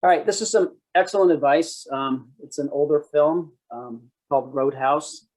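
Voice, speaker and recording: A man's voice: fairly high pitch, moderate pace, a little mellow, rough recording. A man presenting a police training session, conversational, acting out sample phrases. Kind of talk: conference presentation.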